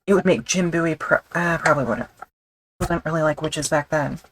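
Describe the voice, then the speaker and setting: A woman with a notably low voice gives an offhand, self-mocking commentary as she stitches leather. She murmurs half to herself between remarks, with a faint hiss of noise underneath. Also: a little fast, low-quality recording. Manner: wry, mutters to herself as she works. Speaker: leatherworker streaming her craft. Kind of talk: casual running commentary while working.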